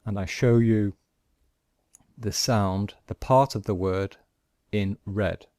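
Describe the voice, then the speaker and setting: A man teaching pronunciation, patiently explaining phonetic symbols and modelling each sound slowly. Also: lowish voice, a little mellow, no echo. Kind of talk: slow, deliberate lesson explaining phonetic symbols.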